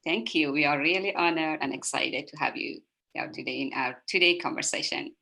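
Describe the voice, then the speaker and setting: Woman host, bright tone, lowish pitch, polite and hesitant. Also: fairly quick, gravelly, poor audio. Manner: polite, hesitant, formal phrasing. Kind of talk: hosting an interview.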